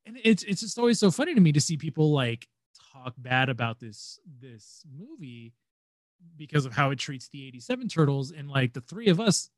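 A man's voice: fairly high pitch, sing-song, moderate pace, no echo. A young man chatting casually as a podcast co-host, rambling with many fillers and restarts. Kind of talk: casual fan chat.

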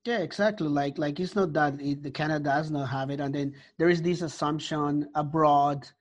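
A man's voice: on the high side, fairly even intonation, normal speed. A man from Colombia, a guest in a casual conversation, telling his experiences earnestly and acting out the exchanges he recalls. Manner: earnest storytelling, acts out quoted exchanges. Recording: dull lo-fi sound.

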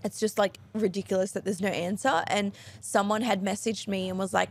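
A woman's voice: mid-range voice, fairly even intonation, brisk, creaky, hardly any pauses, a little mellow. A woman co-hosting a podcast, talking frankly, swearing freely and filling with "like". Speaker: podcast co-host. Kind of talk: casual chat.

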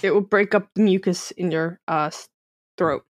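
A woman's voice: fairly low pitch, moderate pace. A woman guest on a podcast telling stories in casual chat, with a wry edge. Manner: chatty storyteller, wry.

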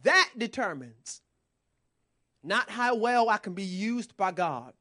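A man's voice: high-pitched, very animated, takes it slowly, pushed and bright. A man preaching a sermon with passion, calling out to the congregation.

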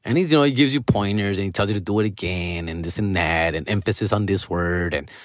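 A young man with a Chicano accent, switching into Mexican Spanish slang as he vlogs to viewers, profane and animated. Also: deep voice, quick pace, no room sound, clean studio sound. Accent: Chicano, English mixed with Mexican Spanish slang. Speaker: vlogger taking acting classes. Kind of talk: casual monologue to viewers. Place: small dim room with a lamp.

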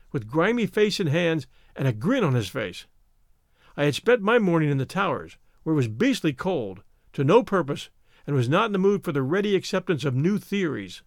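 A man reading a classic novel aloud as a podcast narrator, expressive and voicing the characters' quarrels. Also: fairly high pitch, no room sound, clean studio sound. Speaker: audiobook narrator.

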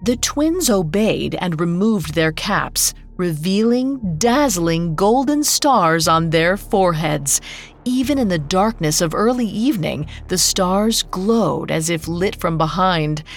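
A woman telling a fairy tale as a scripted podcast narration, measured and unhurried. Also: lowish voice. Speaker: storyteller.

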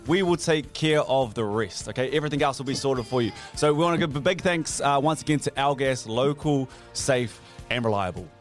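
A man co-hosting a casual show, upbeat and brisk. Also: medium pitch, expressive, soft background music. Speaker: podcast co-host. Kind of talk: casual banter.

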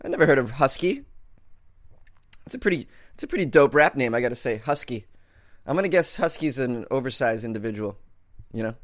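A man's voice: mid-range voice, lively intonation, a little fast, pauses often, no room sound, studio quality. A man hosting a podcast in a casual comedic monologue, rambling and self-amused, with plenty of restarts. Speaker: podcast host.

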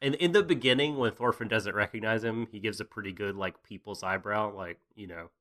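Low-voiced man, bright and punchy. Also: a little fast. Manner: profane, jokey, rambling. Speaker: podcast co-host. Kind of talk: casual anime recap chat.

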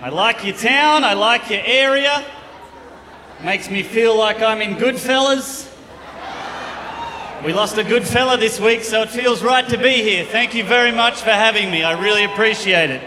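Bright high Australian comedian. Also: male voice, normal speed, a little hiss or hum. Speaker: stand-up comedian. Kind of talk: stand-up set. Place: comedy club stage. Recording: echoey live room with long reverb and faint crowd.

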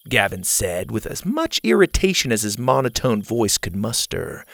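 Expressive male storyteller, gravelly edge. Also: lowish voice, moderate pace, hardly any pauses, no echo. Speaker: narrator. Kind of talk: children's story narration.

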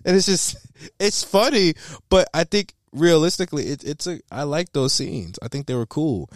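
A man hosting a casual film review chat, animated and profane, laughing often and restarting his sentences. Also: on the high side, normal speed, no echo, studio quality. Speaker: podcast host reviewing a film.

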